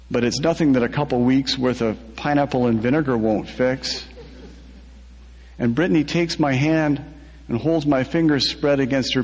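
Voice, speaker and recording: A man's voice: mid-range voice, a little mellow, long reverb tail. A man reading a first-person story aloud, laughing through the telling.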